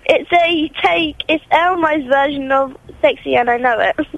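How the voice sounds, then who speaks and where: A woman's voice: high voice, unhurried, creaky, no room sound. A woman calling in to a radio show, hesitant and full of ums. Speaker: caller. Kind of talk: phone-in chat. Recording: dull lo-fi phone line.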